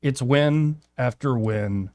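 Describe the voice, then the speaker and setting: A man's voice: mid-range voice, slow, no echo. A man hosting a talk radio show, joking and bantering casually with his co-host in the studio. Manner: wry, joking, animated delivery.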